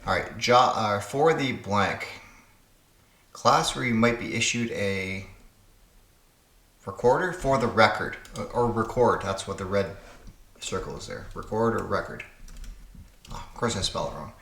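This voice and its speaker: A man with a low voice thinks aloud at a slow, unhurried pace while solving puzzles. His muttered commentary sounds like it comes from an echoey room. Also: lively intonation, a bit bright. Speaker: puzzle game channel host.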